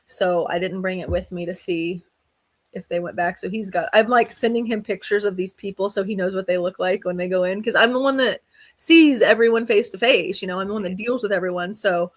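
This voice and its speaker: Animated young woman telling stories. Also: medium pitch, brisk. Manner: animated storyteller, acts out quotes. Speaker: podcast co-host. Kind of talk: casual chat.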